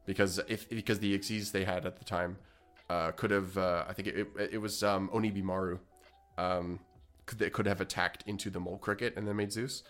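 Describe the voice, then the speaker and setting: A man with a very low voice chats casually as a podcast co-host, rambling through restarts and laughing often. Faint music hums underneath him. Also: fairly even intonation, fairly quick, fairly bright tone. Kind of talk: casual chat.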